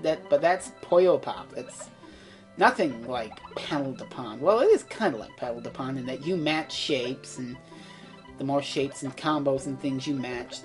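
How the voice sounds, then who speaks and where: A woman's voice: rumbling low, a little mellow. A woman doing casual let's play commentary, rambling, self-mocking and swearing freely.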